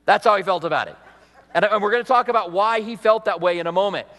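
A male pastor delivers a chatty, self-deprecating sermon, breaking into laughter at himself. His voice is high for a man, quick-paced and a bit bright, echoing with the long reverb of a large church hall.

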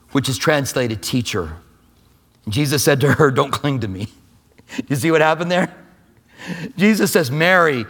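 A middle-aged male pastor preaching a sermon, telling a story with big swings between loud, animated stretches and hushed, quiet ones. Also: mid-range voice.

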